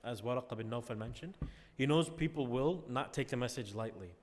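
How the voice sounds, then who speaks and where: A man's voice: mid-range voice, a little fast. A man teaching a class in a conversational lecture, often checking in with his listeners. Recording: long reverb.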